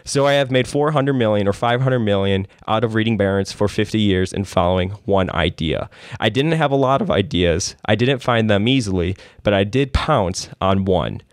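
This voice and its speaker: A man's voice: on the low side, lively intonation, moderate pace, dry recording, studio quality. Casual man hosting a finance podcast. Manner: conversational, storytelling with many fillers. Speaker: podcast host. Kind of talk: casual investing podcast chat.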